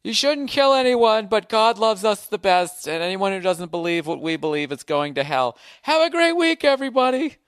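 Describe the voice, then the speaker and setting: A man putting on a sanctimonious, shrill male preacher voice in a slow, preachy sing-song. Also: sing-song, clean tone, dry recording, clean studio sound. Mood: smug. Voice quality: high, strained and loud.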